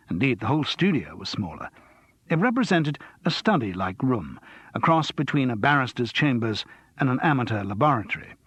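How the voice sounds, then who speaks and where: A man narrating an audiobook in an expressive, lively storytelling manner. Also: medium pitch, husky, no echo. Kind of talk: scripted narration.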